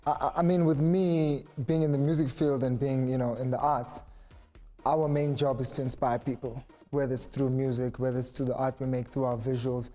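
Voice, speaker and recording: A man's voice: medium pitch, little pitch movement, moderate pace, mellow, faint music behind. A man, speaking as a musician guest in an earnest, thoughtful way. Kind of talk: reflective conversation.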